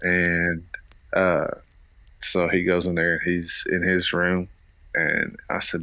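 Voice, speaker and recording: Deep-voiced and monotone, a man in his thirties from Florida speaks slowly as he co-hosts a podcast. His delivery is pushed and bright, and he tells rambling family stories in a casual chat, full of fillers and restarts. The audio has no echo.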